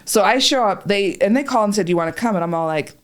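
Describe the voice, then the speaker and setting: A woman's voice: medium pitch, fast. A woman telling a long story in casual chat, swearing freely and acting out what people said. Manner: profane, animated, acts out voices in quotes. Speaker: podcast guest, patient.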